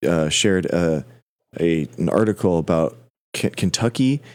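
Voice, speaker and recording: Male host, very low voice, hesitant answers full of restarts. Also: unhurried, darkish tone. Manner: hesitant, many restarts and fillers. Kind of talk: live-stream science Q&A.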